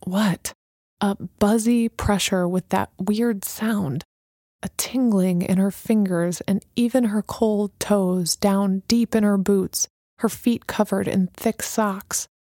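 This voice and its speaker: A woman narrating an audiobook in a steady, measured reading. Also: medium pitch, no room sound, clean studio sound.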